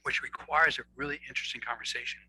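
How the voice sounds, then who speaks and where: Male coach guest, very forceful tense tone, earnest, acts out inner dialogue. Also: mid-range voice, fairly even intonation, quick pace, a little hiss or hum, rough recording. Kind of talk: conversational explaining.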